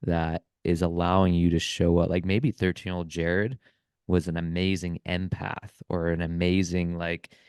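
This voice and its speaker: A man's voice: sits low, level tone, moderate pace, a little mellow, clear, resonant tone, no echo, clean studio sound. A man hosting a podcast, talking earnestly and reflectively, often checking in with "right?". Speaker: podcast host. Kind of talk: reflective casual conversation.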